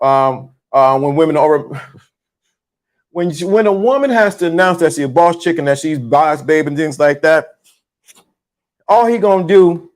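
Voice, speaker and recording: Brief: male stream host, high voice, blunt and slangy, casual late-night talk. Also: animated, normal speed, long pauses. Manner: blunt, frank, slangy, with restarts.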